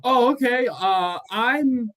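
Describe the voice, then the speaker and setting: A man co-hosting a casual podcast, telling stories in an animated way and acting out the voices of people he quotes. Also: extremely high pitch, slow pace. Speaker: podcast co-host; mortgage loan officer. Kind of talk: casual chat.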